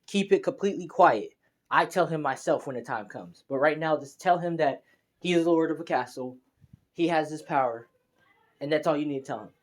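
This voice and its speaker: A man's voice: a little high, a little fast, natural voice. A man voicing a blunt, commanding ancient male vampire master who gives curt orders. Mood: bossy.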